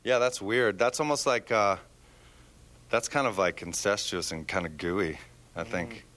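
Brief: low-voiced male musician, jokey and halting, full of fillers. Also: a bit bright. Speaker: musician guest. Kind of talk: casual interview.

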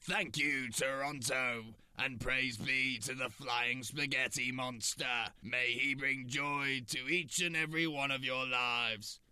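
A man's voice: mid-range voice, steady tone, takes it slowly, bright, forceful tone, clean tone, no room sound. A man announcing the next act on stage.

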